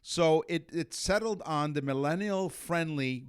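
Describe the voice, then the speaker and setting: A man's voice: mid-range voice, lively intonation, moderate pace. A man co-hosting a podcast, reading out trivia in a jokey way and slipping in puns. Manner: jokey, punning, reads facts aloud. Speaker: podcast co-host. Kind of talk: casual chat.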